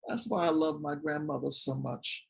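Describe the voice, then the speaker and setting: In a testimony-style talk, a recovery support group leader with roots in the Washington, DC area tells animated personal stories. The gravelly voice moves at a moderate pace, alternating between excited highs and soft low asides.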